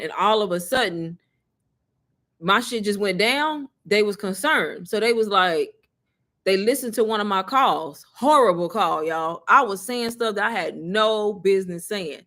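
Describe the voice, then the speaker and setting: Chatty woman telling her story. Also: mid-range voice. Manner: chatty, animated, laughs often, addresses viewers as y'all. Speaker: online business creator. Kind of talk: casual storytelling to viewers.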